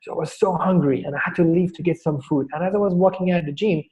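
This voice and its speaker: A man's voice: a little high, fast, darkish tone, muffled recording. A man coaching a workshop, telling a story and explaining, with frequent restarts. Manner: rambling, restarts often, tells stories. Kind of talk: workshop teaching.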